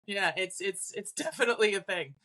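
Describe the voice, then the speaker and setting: A woman's voice: medium pitch, fairly quick, sharp tone. A woman guest on a podcast, a psychic medium, talking casually with lots of "like" fillers and little laughs. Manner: chatty, acts out quoted voices, frequent "like" fillers; laughs between points.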